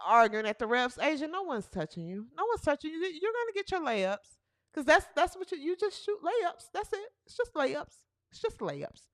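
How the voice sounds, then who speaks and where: Animated mocking woman host. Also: sits high, dry recording, studio quality. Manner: animated, mocking, exaggerated hollering. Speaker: show host. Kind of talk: comic sports commentary livestream.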